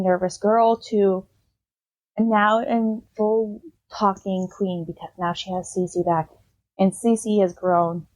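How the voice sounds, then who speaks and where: A woman's voice: mid-range voice, no room sound, poor audio. Chatty woman reviewing a book. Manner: rambling, full of "um" and "like", animated retelling. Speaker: book review podcast host. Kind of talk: casual book review chat.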